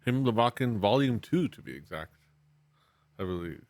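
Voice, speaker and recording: A man hosting a music podcast with friends, relaxed and jokey. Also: on the low side, moderate pace, no echo. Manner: relaxed, jokey, hesitant fillers. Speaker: podcast host. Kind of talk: casual chat.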